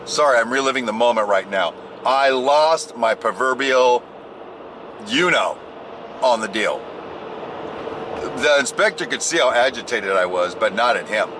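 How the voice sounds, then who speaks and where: A man's voice: mid-range voice, lively intonation, a little slow, pauses often, background noise. A man chatting casually to a camera in his car while driving, joking around and ranting about his work day. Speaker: construction boss. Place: inside a car on the road.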